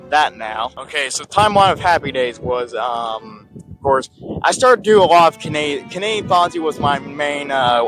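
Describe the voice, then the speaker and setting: A man's voice: mid-range voice, fairly bright tone, low-quality recording. Rambling man, faint music behind. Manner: rambling, halting, lots of restarts and asides. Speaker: video creator looking back on his channel. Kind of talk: casual rambling retrospective.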